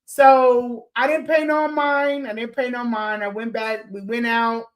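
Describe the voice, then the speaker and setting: A woman spins a story for her listeners. Her voice sits a bit high, and she talks loosely and animatedly, swearing here and there and acting out what everyone said. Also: a little slow. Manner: animated, swears freely, laughs, acts out quotes. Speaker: podcast host.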